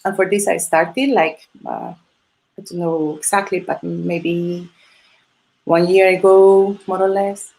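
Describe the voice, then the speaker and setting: A woman's voice: fairly low pitch, sing-song, takes it slowly, vocal fry, a little mellow. Spanish woman chatting in accented English. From Spain. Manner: hesitant, many fillers and restarts, frequent laughs. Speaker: Spanish teacher and holiday host. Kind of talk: casual interview chat. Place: video call or live stream.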